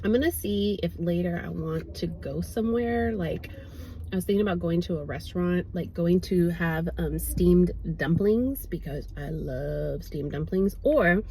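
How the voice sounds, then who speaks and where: A woman's voice: lowish voice, dark tone, slight background noise, low-quality recording. A woman vlogging in a casual, rambling way, with lots of fillers. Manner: chatty, rambling, many fillers. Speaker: fitness vlogger. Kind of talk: casual vlog chat. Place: outdoors then at home.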